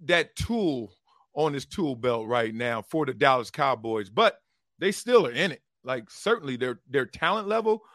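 A man in his thirties, a former pro football player turned broadcaster, telling stories in a casual interview with lively, slangy talk. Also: mid-range voice, normal speed, no echo, clean studio sound. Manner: animated, slangy, acts out quotes with shifting voices.

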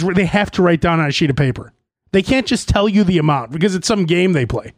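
A man's voice: sits high, expressive, a little fast, no echo, clean studio sound. A man hosting his own podcast, telling stories in a profane, playfully indignant way. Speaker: podcast host. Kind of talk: solo comedic storytelling podcast.

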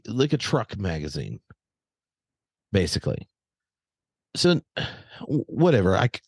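A man telling a long story in casual chat, animated and rambling with many fillers and restarts. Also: sits low, no echo. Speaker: podcast guest.

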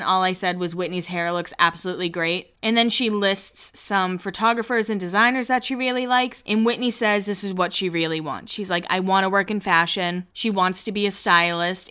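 A chatty woman hosts a casual podcast, gossiping playfully through a TV recap. Her voice is bright and smooth. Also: medium pitch. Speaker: podcast host.

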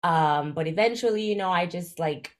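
A young woman with a slightly low voice tells her story as an interview guest. She talks casually and animatedly. She leaps up in pitch whenever she acts out what people said. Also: normal speed. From Jamaica. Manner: animated, acts out quoted dialogue with big jumps in pitch. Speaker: guest, travel influencer.

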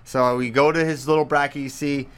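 A man's voice: medium pitch, steady tone, brisk, fairly bright tone. A man co-hosting a casual wrestling talk show, telling a story with a laugh and acting out the lines he quotes. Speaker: podcast co-host. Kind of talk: casual chat.

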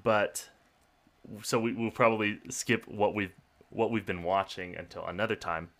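A man co-hosting a podcast in casual chat, chatty with quick interjections. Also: on the low side, steady tone, fairly bright tone. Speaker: podcast co-host.

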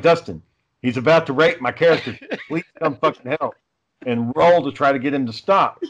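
Profane storytelling man, dull lo-fi sound. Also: fairly high pitch. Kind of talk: casual chat.

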